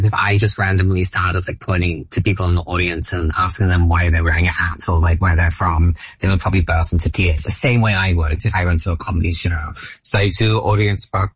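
A comedian guest in his thirties with an Australian accent chats casually in an interview, his low voice edged with breathiness. He rambles and puts himself down, using lots of fillers. The broadcast audio is muffled and dry, with no room sound.

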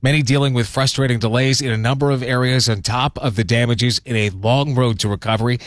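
Guy reading radio news, steady and measured, dry studio sound. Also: mid-range voice, no room sound. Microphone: studio mic.

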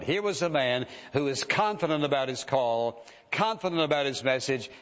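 A man preaching a sermon, earnest and emphatic, slowing down to quote scripture. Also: on the high side, a bit bright. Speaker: pastor. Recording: dull, long-reverb hall sound.

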